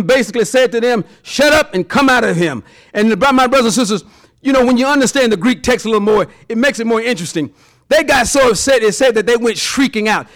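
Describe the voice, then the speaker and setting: A man preaching a sermon to his congregation, folksy and animated, acting out little voices in his examples. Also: high voice. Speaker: pastor.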